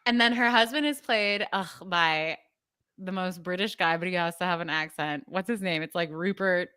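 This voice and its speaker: A chatty middle-aged woman co-hosting a podcast, talking casually and giggling her way through rambling recaps. Her voice is bright and clear, recorded close and dry with no room sound. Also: lowish voice, normal speed, no echo. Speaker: podcast co-host. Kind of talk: casual chat.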